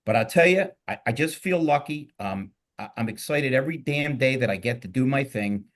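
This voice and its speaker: Middle-aged male host, Philly accent, rambling and jokey, energetic panel banter. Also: medium pitch, brisk. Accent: Philadelphia. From Philadelphia. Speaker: podcast host. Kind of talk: casual panel talk.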